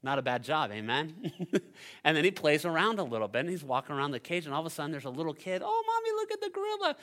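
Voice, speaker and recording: Bright, animated male preacher. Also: fairly high pitch, fast. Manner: dynamic, building to loud climaxes. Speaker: pastor. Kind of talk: sermon with storytelling.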